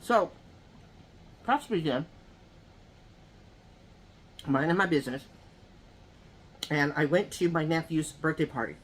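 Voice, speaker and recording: This woman speaks low and animated but unhurried, leaving long pauses, her voice slightly rough. As a mukbang vlogger eating at home, she talks right to her viewers, drifting through gossipy stories with many asides.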